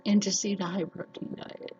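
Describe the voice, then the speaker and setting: A woman's voice: mid-range voice, flat delivery, normal speed, warm tone, lo-fi sound, slight background noise. A woman chatting casually to the camera as a sewing vlogger, defiant and chatty. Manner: chatty and defiant, with frequent laughs.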